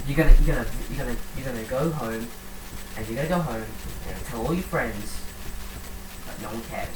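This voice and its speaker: Brief: low-voiced woman, swearing comedic movie rant, lively up-and-down delivery. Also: fast talker, background noise. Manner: profane, rambling, mocking, many restarts. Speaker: film reviewer. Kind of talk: comedic rambling film rant.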